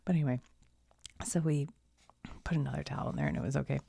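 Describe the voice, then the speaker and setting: Gravelly, breathy soft-spoken woman. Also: rumbling low, sing-song, fast talker, no echo. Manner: soft-spoken, often slipping into a whisper; rambling, chuckles through the story. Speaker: ASMR channel host. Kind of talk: soft-spoken ASMR storytelling.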